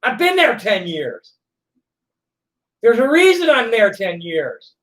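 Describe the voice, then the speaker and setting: An older man in his sixties, a vlogger responding to online critics, delivers an angry, profanity-laden rant to the camera in a high voice. He's combative and swears nonstop, his pitch swooping wildly, speaking slowly with long pauses before flaring up into shouts.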